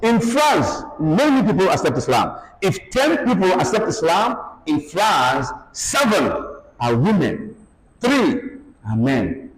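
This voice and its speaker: An Islamic lecturer delivers a religious lecture slowly but animatedly, with lively, swooping pitch, emphatic bursts of force, and frequent exclamations. His voice sits a little high. The echoey hall gives long reverb, with a faint hum of background noise.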